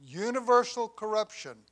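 A man delivering a sermon in a high voice at an unhurried, deliberate pace. He swings from loud emphasis down to hushed, quiet lines and slips in humorous asides along the way. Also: lively intonation. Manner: deliberate preaching with dramatic swings in volume, dropping to near quiet on key lines. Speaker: pastor.

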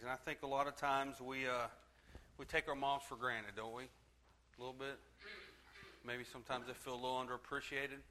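A man in his thirties preaches to his church, chatty and quick to joke and laugh along with the congregation. His voice is bright and forward, and his pitch sits at an ordinary middle for a man. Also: slight background noise. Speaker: pastor. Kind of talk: sermon with humor.

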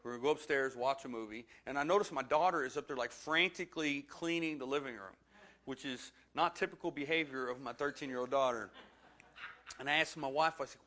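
A man's voice: mid-range voice, a little fast, sharp tone. A man, preaching a sermon and telling a funny personal story with self-deprecating humor. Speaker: pastor.

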